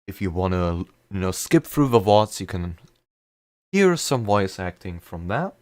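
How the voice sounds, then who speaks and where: Here a young man with a slight German accent and a low, slightly mellow voice keeps up casual banter while streaming a game. He sounds very animated yet unhurried, rambles somewhat and is often self-deprecating, all in clean studio audio with no room sound.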